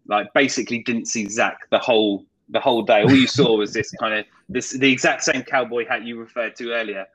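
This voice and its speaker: A man, a podcast guest, recalling a story in an easygoing, measured way. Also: medium pitch, steady tone, a bit bright, breathy edge. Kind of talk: casual storytelling chat.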